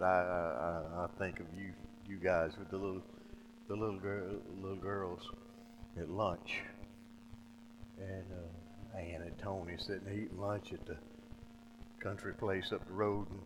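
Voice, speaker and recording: A man's voice: fairly low pitch, fairly bright tone, slight background noise, rough recording. A man preaching a sermon in a folksy, plainspoken storytelling way, often restarting his words and calling listeners friend.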